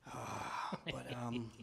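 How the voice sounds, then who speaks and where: An older man performing stand-up comedy in a wry, deadpan, self-mocking storytelling manner. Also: medium pitch, gravelly. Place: studio stage with live audience.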